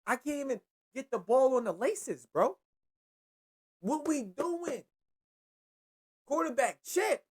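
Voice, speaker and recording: A man's voice: very high-pitched, slow, long pauses, breathy edge. Young man ranting about football. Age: young adult. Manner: animated, profane and repetitive, slangy. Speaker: sports show host. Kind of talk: casual sports commentary rant.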